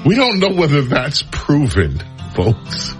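A man's voice: on the high side, huge pitch swings, takes it slowly, loud music behind the voice. A man hosting a talk radio show, giving sarcastic, opinionated commentary on the news with frequent sighs and laughs.

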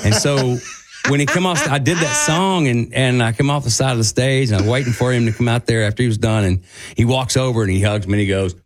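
A middle-aged man, a country singer guesting on a radio show, telling a story casually and acting out the people he quotes. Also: fast. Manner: animated, acts out quotes in a higher voice.

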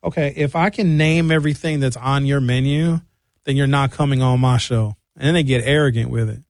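A man hosting a talk radio show, delivering an animated comic rant from a studio. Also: brisk, no room sound. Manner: animated rant, mimics callers in higher voices.

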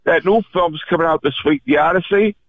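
A polite, chatty man from Pennsylvania calls in to a radio show. His fairly high voice comes over a tinny phone line. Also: brisk. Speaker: caller.

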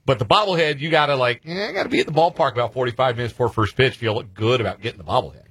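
Bright-voiced chatty male radio host. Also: mid-range voice, racing, slightly rough, no room sound. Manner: chatty, rambling, laughs easily. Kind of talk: casual sports talk.

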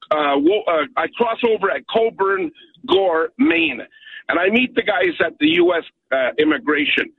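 A man's voice: high voice, vocal fry, breathy edge, no room sound. A Montreal-accented Canadian man calling into a radio show, ranting emphatically and punctuating his points with "okay?". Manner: emphatic, repeats "okay?" often. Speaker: caller. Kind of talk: call-in radio rant. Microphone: telephone. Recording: tinny phone line.

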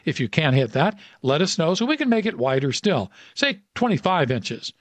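Man playing an old baseball coach, bellowing, emphatic, slightly high voice, dry sound. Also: sing-song, moderate pace, no echo. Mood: booming. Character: old male baseball coach, booming lecturer.

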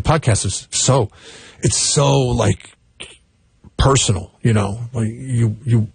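A man's voice: lowish voice, vocal fry, darkish tone, breathy edge, no echo. A middle-aged man co-hosting a morning radio show, chatting in a wry, rambling way and often correcting himself mid-sentence. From US West Coast. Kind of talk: casual morning show banter.

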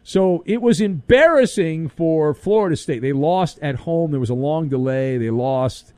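A man's voice: fairly high pitch, expressive, unhurried, dark tone, no room sound. A man hosting an overnight sports talk radio show, delivering a sarcastic, punchy monologue into a studio microphone.

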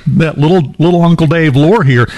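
A man's voice: on the high side, normal speed, darkish tone. A man hosting a morning talk show, telling a long personal anecdote in a casual, chatty way with many fillers and restarts. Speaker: radio show host.

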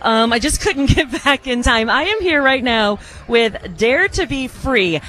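A woman's voice: a little high, lively intonation, measured pace, a bit bright. A woman reporting live for radio from an outdoor community event, chatty and bubbly, sometimes talking with her mouth full. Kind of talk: live radio remote broadcast.

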